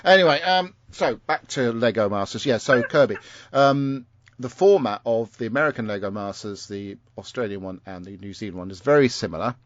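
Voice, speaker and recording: A man's voice: mid-range voice, fairly quick, no room sound. A man chatting casually as a podcast co-host, rambling and opinionated with lots of fillers. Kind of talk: casual chat. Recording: dull, muffled recording.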